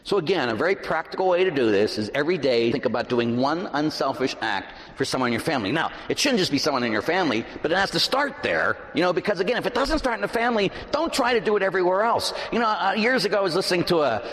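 A middle-aged man, a pastor, preaching a sermon in a large church, animated and shifting between loud emphasis and hushed asides. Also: fairly high pitch, quick pace, hardly any pauses. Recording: reverberant church.

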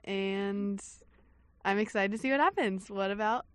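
A woman's voice: medium pitch, measured pace, smooth, dry recording. A young woman co-hosting a campus radio show, bubbly and teasing in casual chat. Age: young adult.

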